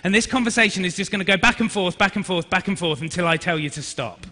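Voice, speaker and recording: Guy in his 30s running a workshop, high and super bright, echoey hall. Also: fast. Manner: energetic, directs the audience, many fillers. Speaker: workshop speaker, actor. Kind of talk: interactive business workshop talk. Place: large conference hall. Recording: reverberant hall.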